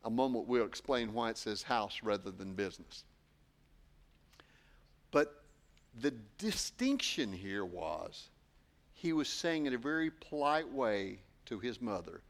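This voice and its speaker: A man's voice: medium pitch, unhurried, creaky, long pauses. A man preaching a sermon, acting out quotes and posing rhetorical questions to the congregation. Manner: expressive, acts out quotes, poses rhetorical questions.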